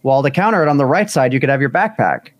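A man's voice: medium pitch, animated, fast. A man co-hosting a casual podcast, eagerly thinking aloud with fillers. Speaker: podcast co-host. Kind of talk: casual chat.

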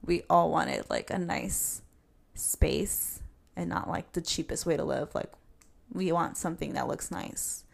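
A woman's voice: lowish voice, vocal fry. A young woman hosting a casual solo podcast from her bedroom, rambling and chatty with plenty of fillers and laughs. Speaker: podcast host.

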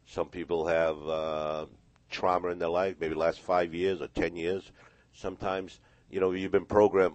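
A man's voice: sits low, moderate pace, a little mellow, no room sound. A man, a hypnotist guest on a radio interview, telling stories and acting out the voices in them. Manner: storytelling, acts out quoted voices. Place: radio studio.

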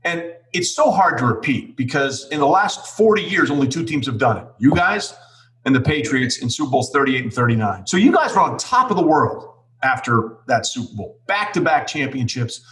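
A man's voice: medium pitch, sing-song, normal speed, a bit bright, echoey room. A man hosting a casual interview who leads with questions and recaps facts. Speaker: podcast host.

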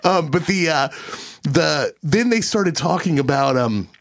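High-pitched gravelly man telling a story. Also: expressive, measured pace. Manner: swears freely, laughs often while telling a story. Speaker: podcast co-host. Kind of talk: casual storytelling chat.

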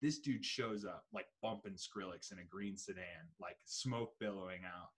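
A young man, hosting a casual chat and telling an animated story, swearing freely. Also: deep voice, moderate pace, husky.

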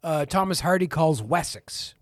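Man, podcast co-host, casual chat, profane jokes, slightly high voice, dry close sound. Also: animated, moderate pace, no echo. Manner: profane, joking, rambling.

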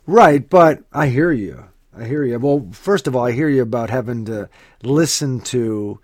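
A man co-hosting a casual talk, speaking haltingly with uhs and repeated words. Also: medium pitch, expressive, a little mellow, dry recording, clean studio sound. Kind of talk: casual conversation.

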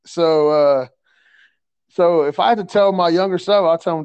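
A man telling a coaching story in a casual chat, animated and slangy, stumbling over repeated words and laughing often. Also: fairly high pitch, unhurried, long pauses, clean tone, no room sound. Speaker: podcast guest, assistant softball coach.

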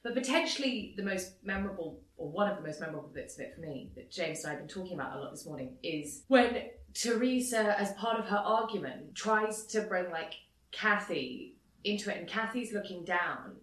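A woman's voice: medium pitch, expressive, fairly quick, a bit bright. A woman co-hosting a casual podcast chat, recounting scenes at length in an easy, talkative way. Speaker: podcast co-host. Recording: roomy echo.

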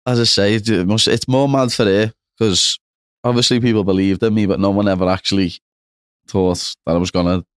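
A man's voice: lowish voice, steady tone, brisk, smooth, dry recording, studio quality. A young man with a Liverpool accent, chatting as a podcast guest and tagging on "know what I mean". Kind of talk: casual chat.

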